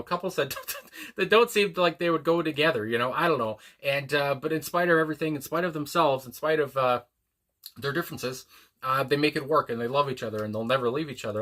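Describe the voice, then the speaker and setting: Bright-voiced man rambling about music. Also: mid-range voice. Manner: meandering, hesitant, many ums and restarts. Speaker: music reaction video host. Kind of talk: casual rambling commentary.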